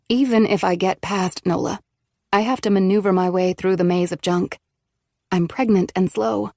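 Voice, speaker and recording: A woman narrating a first-person audiobook in a steady, measured way. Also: medium pitch, vocal fry, dry recording, studio quality.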